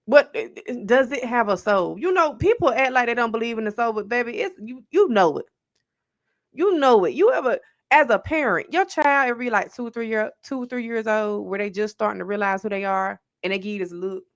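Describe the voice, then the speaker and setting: An American woman hosting a livestream, telling a story in a chatty, animated way and talking straight to her viewers. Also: on the high side, a little fast. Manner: chatty and animated, calling listeners "baby" and "friends". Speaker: livestream host. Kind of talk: casual storytelling to a live audience.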